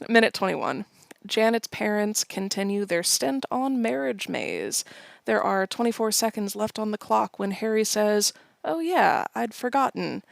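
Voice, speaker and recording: A podcast co-host chats playfully while recapping a film scene by scene, reading quoted lines with acted bursts. She has a medium pitch with lively intonation and vocal fry, speaking unhurriedly with no room sound.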